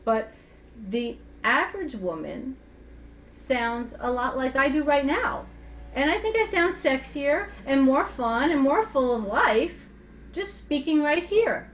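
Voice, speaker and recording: A woman's voice: high voice, animated, slow pace, a little hiss or hum. A woman voice coach, once a singer, talking in a chatty teaching style and asking rhetorical questions as she explains how to use the voice. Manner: speaks with a singer's trained voice. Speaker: voice coach guest. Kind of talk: conversational teaching with vocal demonstrations.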